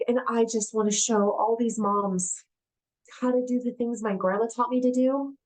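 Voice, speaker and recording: A woman speaking as a guest at an event, with a voice pitched a little high. She tells a personal story in an earnest, emphatic way, hammering home her main points. She slips into the voices of the people in her dialogues as she goes. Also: steady tone, normal speed. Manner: earnest, emphatic, repeats key phrases.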